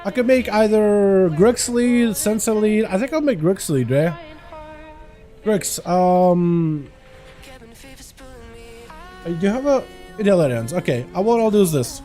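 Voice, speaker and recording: A man born in Russia, a native Russian speaker, chatting loosely with his livestream audience as its host, full of fillers and quick to laugh. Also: sits high, animated, mellow, faint music behind. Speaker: game streamer. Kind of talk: casual livestream chat.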